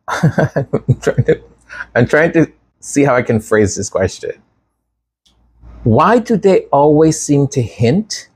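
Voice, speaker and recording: Commentary host, male, husky, unhurried, sarcastic and repetitive. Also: mid-range voice. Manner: animated, sarcastic, repeats words. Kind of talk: casual commentary.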